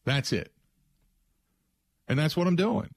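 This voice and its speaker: A man's voice: fairly high pitch, animated, slow pace, slightly rough, no room sound. Blunt, emphatic male sports radio host. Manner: emphatic, blunt, with frequent restarts. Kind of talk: opinionated sports talk radio monologue.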